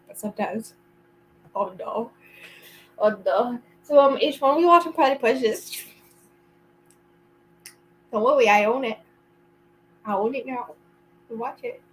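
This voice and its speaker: A chatty woman with a slightly high voice, talking casually as she hosts a reading sprint. She rambles from thought to thought and breaks into giggles often. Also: unhurried, pauses often, a little hiss or hum, rough recording. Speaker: vlogger hosting reading sprints. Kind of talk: casual chat to a friend.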